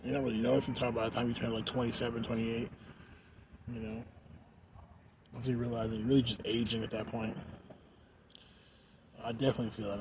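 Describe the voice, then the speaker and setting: A man's voice: mid-range voice, level tone, fairly quick, gravelly, pauses often, darkish tone. Rambling, slurring young man on a noisy recording. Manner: rambling, heavy fillers, slurring words. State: high on edibles. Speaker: vlogger. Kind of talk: rambling casual vlog. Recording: noisy background.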